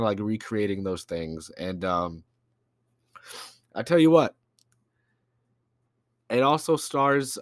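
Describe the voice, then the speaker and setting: A young man talks through his podcast in a loose, rambling way, full of fillers and slang. His voice sounds stuffy and congested, and sits a bit low. The recording is close and dry, with no room sound. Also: fairly bright tone, smooth, no room sound. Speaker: podcast host. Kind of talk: casual solo podcast.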